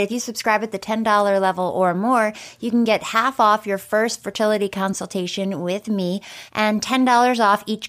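A woman in her thirties hosts a comic podcast in a mid-pitched voice. She talks in an upbeat, confiding, chatty way, sharing personal updates with her listeners. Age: 30s. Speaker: podcast host.

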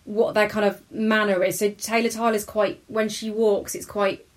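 A woman's voice: mid-range voice, level tone, moderate pace. Chatty self-deprecating woman. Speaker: character comedian guest. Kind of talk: casual interview chat.

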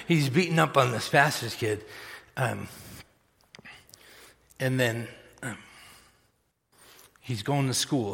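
A man's voice: mid-range voice, creaky, fairly bright tone, in a large hall. A man preaching a sermon, telling a story unhurriedly with chuckles and many fillers. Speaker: pastor. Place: church sanctuary.

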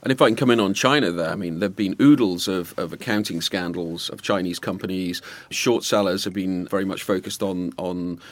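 A man, a journalist, talking in a measured way and often restarting his phrases. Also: deep voice, dry recording. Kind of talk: casual discussion.

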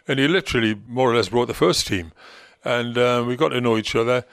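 This older interview guest, a former football manager from Gateshead in North East England, talks fairly quickly in a medium-pitched, fairly bright voice. He tells stories with a chatty, teasing manner and voices other people's quotes as they would say them. The recording is dry and studio quality.

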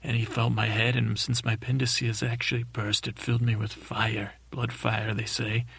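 A man improvising a rambling comic tale as a dim, timid boy prince, halting and mixing up names. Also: medium pitch, flat delivery, creaky, fairly bright tone, slightly rough, dry recording. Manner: halting, full of restarts and mixed-up names. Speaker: comedic storyteller.

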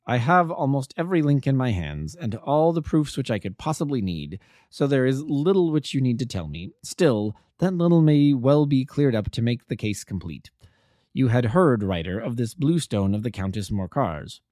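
Guy doing a calm stern detective, low and deliberate, dry close sound. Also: dry recording, lightly acted. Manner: measured, lowered, stern. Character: stern, cool-headed male detective.

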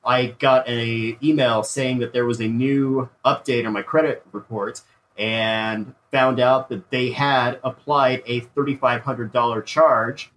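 A man calmly recounting his personal experience in an interview. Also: medium pitch, a little slow, a little hiss or hum, rough recording.

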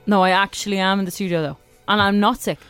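A woman, co-hosting a radio show in casual banter, her voice husky and hoarse after karaoke. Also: medium pitch, fairly even intonation, fast talker, a bit bright, faint music behind. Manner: playful, protesting. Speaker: radio co-host. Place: radio studio.

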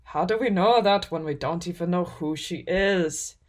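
A woman doing a gruff, curt half-orc man. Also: on the low side, lively intonation, normal speed, lightly acted. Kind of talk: storybook character voice.

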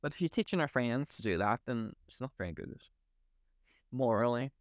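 A man's voice: medium pitch, expressive, normal speed, dry recording, clean studio sound. A man from Britain co-hosting a podcast, chatting casually and bluntly, swearing freely. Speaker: podcast co-host. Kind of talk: casual chat.

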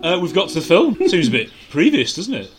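A man's voice: fairly high pitch, huge pitch swings, brisk, music in the background. A man on a podcast panel, making wry joking asides in casual chat.

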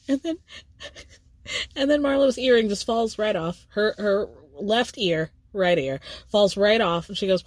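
A woman's voice: medium pitch, expressive, a little slow, no room sound. A woman hosting a podcast, congested, doing a casual recap in a chatty way, swearing and laughing often. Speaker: podcast host.

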